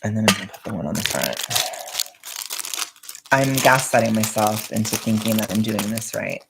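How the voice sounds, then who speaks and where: Livestreaming as she wraps gifts, a woman with a very deep, creaky voice chats at normal speed, rambling along and cracking self-mocking jokes. There's a noisy background behind her.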